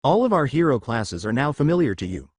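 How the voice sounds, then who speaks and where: A man's voice: medium pitch, big pitch swings, brisk, breathy edge, dry recording. A man voicing a polite, formal hero teacher with a courteous manner.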